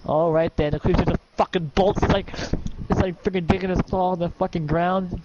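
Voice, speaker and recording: A man narrating as game master, telling the action in an excitable, profane way with shouted sound effects. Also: sits high, a little fast, muffled recording, heavy background noise.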